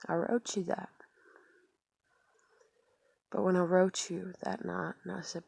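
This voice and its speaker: Woman, low gravelly voice, dry close sound, rambling confessional vlog, whispered asides. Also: flat delivery, measured pace, pauses often, mellow, no echo. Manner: rambling, frequent fillers, trailing into whispered asides. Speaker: vlogger.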